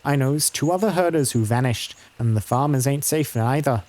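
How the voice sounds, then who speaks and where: A man's voice: medium pitch, normal speed, a little mellow, lightly acted. A man doing a gloomy folksy cattle herder. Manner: folksy, rambling, ungrammatical country talk. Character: rustic middle-aged male cattle herder, gloomy.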